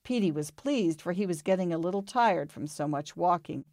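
A woman reading a children's storybook aloud in a calm, expressive way. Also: lowish voice, brisk, hardly any pauses, dry recording, studio quality.

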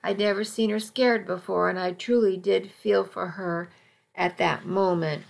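Slow, measured woman narrator. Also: medium pitch, vocal fry. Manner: measured, even storytelling delivery. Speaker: audiobook narrator. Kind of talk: first-person scripted narration.

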